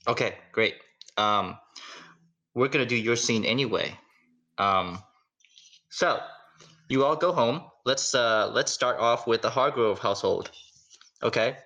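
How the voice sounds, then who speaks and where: A man's voice: medium pitch, unhurried, pauses often, pushed and bright. A man narrating a tabletop role-playing game as its game master, loose and casual with lots of fillers.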